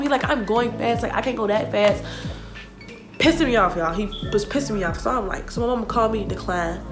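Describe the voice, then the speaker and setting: A young woman telling a casual storytime vlog, slangy and animated, acting out what others said. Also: fairly high pitch. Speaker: vlogger. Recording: music playing behind the voice.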